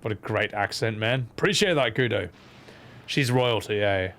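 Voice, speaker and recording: A man's voice: on the low side, moderate pace, a bit bright. A man streaming a game and voicing its scenes, making sarcastic, joking asides. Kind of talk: gameplay commentary.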